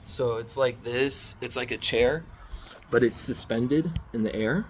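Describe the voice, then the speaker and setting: A man's voice: medium pitch, unhurried, a little hiss or hum. A man casually telling his own story outdoors, rambling and repeating key phrases over and over. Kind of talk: casual first-person storytelling.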